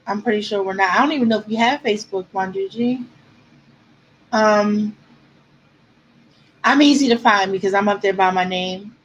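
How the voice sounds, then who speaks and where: A woman's voice: mid-range voice, normal speed, long pauses, muffled recording, a little hiss or hum. A woman author chatting with her viewers on a livestream, answering comments and close to tears at times. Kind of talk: casual livestream chat.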